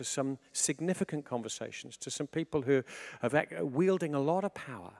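A man preaching in a relaxed, conversational way. His delivery is animated, dropping to a hush and then lifting with excitement. His voice sits at a middle pitch. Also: moderate pace, vocal fry. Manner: animated, swings between hushed and excited. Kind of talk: informal sermon.

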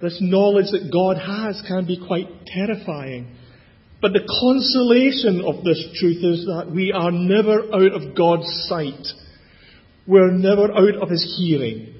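A man delivers a sermon in a fairly high voice, taking his time over every phrase and sinking to a hush on the words that matter. The sound is muffled, with a long church echo trailing behind him. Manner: slow, deliberate, drops to a hush on key words. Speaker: preacher.

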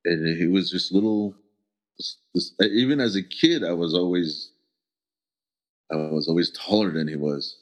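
A middle-aged man from the American Southwest telling personal stories as an interview guest, earnest and halting, often pausing to search for words. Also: deep voice. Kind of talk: reflective personal storytelling. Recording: dull lo-fi recording.

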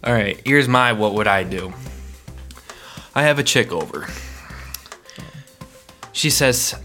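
A man's voice: on the low side, measured pace, pauses often, bright, forceful tone, soft background music. A man co-hosting a podcast, chatting casually and laying out playful hypothetical scenarios. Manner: playful, rambling, poses hypotheticals. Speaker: podcast co-host.

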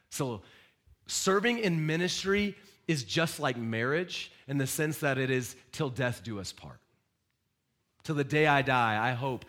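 Pastor, male, lively sermon delivery, swings from loud exhortation to near-quiet asides. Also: mid-range voice. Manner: animated, emphatic preaching with sudden loud rises and soft drops; direct questions to the congregation.

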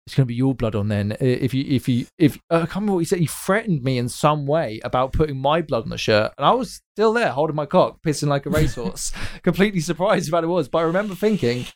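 A man's voice: a little high, expressive, fast talker, hardly any pauses. A man, hosting a podcast in casual chat and telling rambling, sweary anecdotes. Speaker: podcast host.

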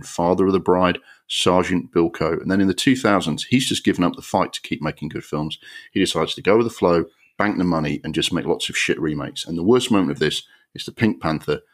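Deep-voiced man ranting about a film. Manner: exasperated, sweary, ranting with rising pitch. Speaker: podcast co-host. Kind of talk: casual film review rant.

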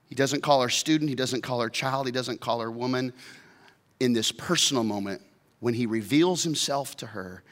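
A man preaching a sermon as a pastor, telling the story in an animated way and acting out the voices. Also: medium pitch, normal speed, long reverb tail.

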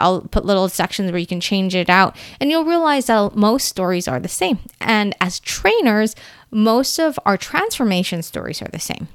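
A woman's voice: medium pitch, smooth, no echo, clean studio sound. A woman hosting a solo podcast, talking in a chatty, rambling way with easy asides. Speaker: podcast host. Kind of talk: casual solo podcast talk.

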